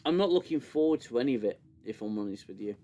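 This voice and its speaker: A man's voice: mid-range voice, lively intonation, quick pace, mellow. Rambling British man hosting a livestream. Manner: rambling, many fillers and restarts. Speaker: livestream host. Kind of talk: casual livestream chat.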